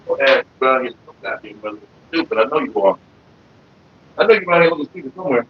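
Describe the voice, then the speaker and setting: A man from Florida streaming casually from his computer desk, cussing and ranting loudly. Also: medium pitch, expressive, fast, slightly rough. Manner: profane, cussing out bugs. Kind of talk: casual livestream rant. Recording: dull lo-fi stream audio.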